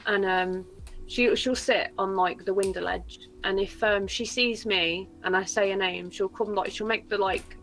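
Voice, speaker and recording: A woman chats casually on a stream, telling animated stories and swearing freely as she goes. Her voice sits at a middling pitch, and faint music plays in the background. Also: unhurried, poor audio. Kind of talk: casual chat.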